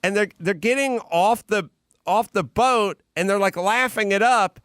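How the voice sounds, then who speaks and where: A man's voice: sits high, a little slow, clear, resonant tone, dry recording, clean studio sound. A man hosting a podcast, telling a comic story in a casual chat and acting out the people in it. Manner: animated, acts out characters in anecdotes. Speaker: podcast host.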